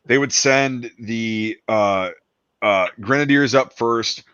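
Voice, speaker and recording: A man rattles off a story in casual chat, full of asides and lively put-on quotes. His voice sits at a middling pitch. The recording is dry and somewhat muffled. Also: slow, clean tone, dry recording. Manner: excited storyteller, acts out quoted soldiers, swears. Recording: dull lo-fi dry sound.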